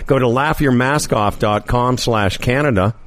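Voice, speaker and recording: A man's voice: medium pitch, normal speed. A man hosting a radio show, chatting casually with dry, playful patter.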